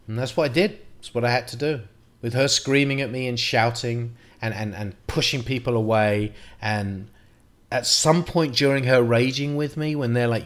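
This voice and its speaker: A middle-aged man, telling a painful personal story to camera in a halting, reflective way, with restarts and the odd swear word. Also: mid-range voice. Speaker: vlogger.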